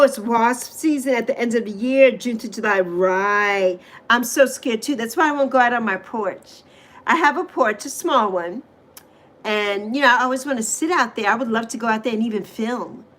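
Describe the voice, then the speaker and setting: A middle-aged woman chats on a casual livestream in a fairly high voice. She talks animatedly, bursting into emphatic exclamations as she reacts to her viewers' comments. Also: a bit bright. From U.S. Virgin Islands. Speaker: livestream host.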